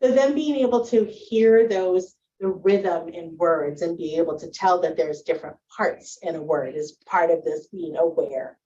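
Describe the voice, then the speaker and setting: A woman's voice: on the low side, moderate pace, hardly any pauses, mellow, dull audio. A woman teacher giving a presentation to parents on early reading, explaining with friendly spoken examples.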